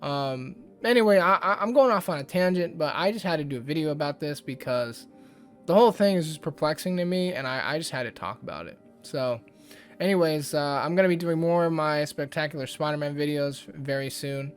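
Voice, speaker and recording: A man's voice: fairly high pitch, animated, brisk, faint music behind. A man hosting a casual ranting commentary vlog, rambling and exasperated, with lots of fillers. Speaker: YouTube host.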